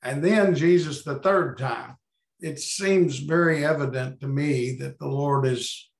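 A man's voice: a little high, a little slow, vocal fry, roomy sound. A man leading a Bible study over a video call, thinking aloud as he reads and paraphrases scripture.

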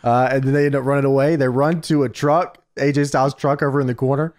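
A man's voice: medium pitch, level tone, quick pace, darkish tone. A man co-hosting a podcast, walking through a wrestling show with enthusiastic play-by-play and casual swearing. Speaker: podcast co-host. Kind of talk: casual chat recapping wrestling.

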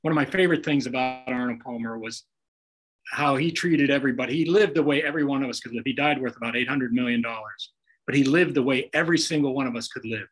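A man's voice: medium pitch, fast, husky, rough recording. A man on a video call telling folksy stories, acting out the people in them. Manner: folksy anecdotes with acted-out quotes. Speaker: guest author telling stories.

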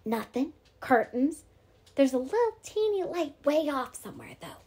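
A woman voicing a curious, excitable small boy, eager and wondering, while reading a storybook aloud. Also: high voice, a little slow, pitched above the performer's own voice, full character voice.

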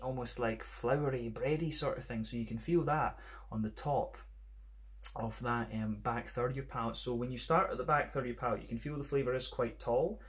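A man's voice: medium pitch, normal speed. A man with a Scottish accent reviewing beer in a casual, rambling monologue, full of "kind of" and "sort of" fillers.

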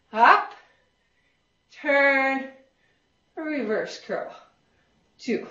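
Whooping, high-voiced woman fitness instructor. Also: sharp tone. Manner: upbeat, encouraging, counts reps and whoops. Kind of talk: leading a workout class. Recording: roomy, distant and dull.

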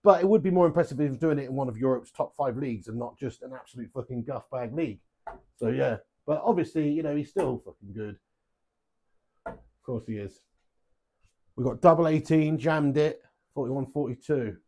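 In a mellow, mid-range voice that runs a little fast, a man plays darts live at home. Reading out viewer messages, he banters, jokes, swears freely and laughs plenty.

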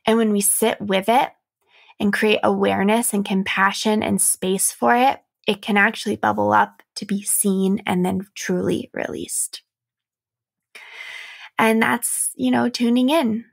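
A young adult woman hosting a reflective solo podcast as a coach, speaking softly and earnestly with light laughs. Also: mid-range voice, fairly even intonation, unhurried, creaky.

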